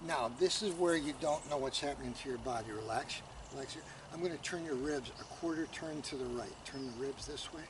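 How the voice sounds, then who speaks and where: A man coaching a student through riding posture stretches with calm, step-by-step directions. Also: medium pitch, fairly quick, hardly any pauses. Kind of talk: instructional coaching. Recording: distant mic, noisy outdoor background.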